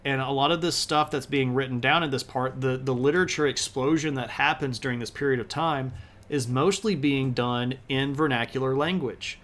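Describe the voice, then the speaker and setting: A man's voice: mid-range voice, moderate pace, fairly bright tone. Casual enthusiastic man lecturing on history. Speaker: history streamer. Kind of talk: live-streamed history lecture.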